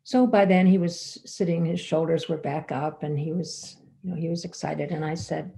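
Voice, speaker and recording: A woman telling a personal family story to an audience, unhurried and halting, with fillers and restarts. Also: low voice, fairly even intonation, vocal fry, dark tone, slight background noise, poor audio.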